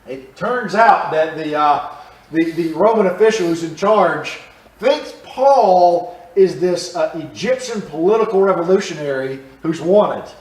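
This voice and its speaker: A man with a high voice teaches a Bible study to his class in a church room. He explains the passage conversationally and keeps quizzing his listeners. He's picked up from across an echoey room. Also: lively intonation, unhurried, a little mellow. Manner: conversational, asks the class questions. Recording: roomy, from a distance.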